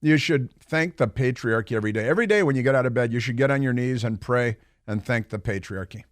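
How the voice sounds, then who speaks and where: A man's voice: mid-range voice, fast talker, no room sound. A middle-aged man hosting a talk radio show in a studio, mocking and rambling with many fillers and asides. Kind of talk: opinionated talk radio monologue. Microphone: studio microphone.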